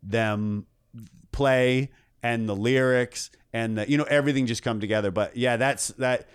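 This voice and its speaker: A man's voice: mid-range voice, steady tone, measured pace, clear, resonant tone, dry recording, studio quality. A man, a comedian guest on a podcast, talking in a rambling, earnest way with many restarts. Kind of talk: casual podcast chat.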